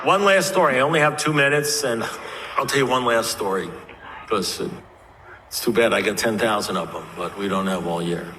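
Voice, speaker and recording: A man's voice: on the low side, brisk, sharp tone. An older man speaking at a recovery meeting, telling his story with wry, self-mocking humor. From United States. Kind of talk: personal storytelling talk. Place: meeting hall. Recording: echoey hall with faint background noise.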